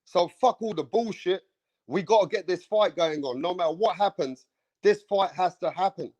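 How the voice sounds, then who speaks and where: Fired-up man ranting, high voice. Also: normal speed, a little mellow, muffled recording. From England. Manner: fired-up, profane, repeats himself, keeps saying bro. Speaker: boxing channel host. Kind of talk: heated opinion rant to camera.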